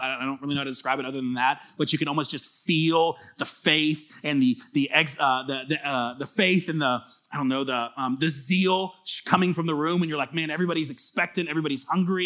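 A pastor preaching a sermon in a lively, conversational way, often asking the listeners questions. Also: male voice, a little high, fast talker, hardly any pauses. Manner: casual fillers and restarts.

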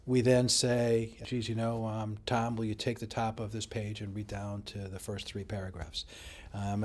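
A man working as a high school principal, answering interview questions in an emphatic, animated way.

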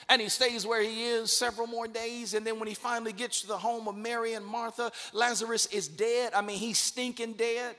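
A man preaching a sermon as a guest bishop, speaking emphatically and building to shouted declarations. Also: very high voice, steady tone, a little fast, few pauses. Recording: long reverb of a large hall.

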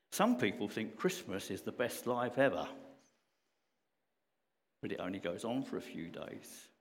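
A male preacher delivers a sermon with an animated voice that rises and falls freely. He speaks earnestly and conversationally, pressing his questions home. A long church reverb trails behind each phrase. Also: lowish voice, slight background noise.

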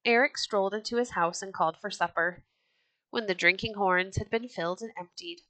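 A woman reading a classic tale aloud for a storybook podcast, with expressive storytelling. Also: medium pitch, fairly quick, no room sound.

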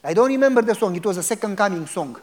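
High-voiced pastor preaching a lively sermon. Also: male voice, rapid-fire, slight background noise. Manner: dramatic storytelling, asks the audience questions.

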